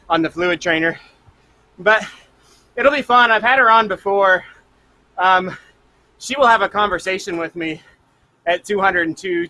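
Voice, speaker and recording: A man with a high, bright voice chats casually on a live stream. He is easygoing, quick to laugh and pokes fun at himself. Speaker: rider and father on the stream. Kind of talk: casual chat.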